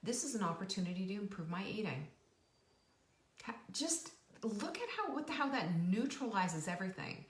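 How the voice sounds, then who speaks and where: A middle-aged woman hosting a live stream, giving an emphatic, animated motivational talk and playfully acting out quoted voices. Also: mid-range voice, normal speed. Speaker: host of a live cooking and nutrition show. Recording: roomy echo, voice a bit off-mic.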